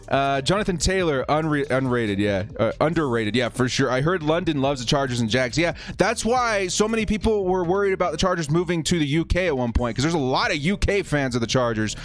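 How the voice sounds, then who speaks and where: Male streamer, lively sing-song delivery, slightly high voice, faint music underneath. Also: brisk. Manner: excitable, laughs often, chatty with viewers. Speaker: livestream host. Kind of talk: casual live watch-party chat.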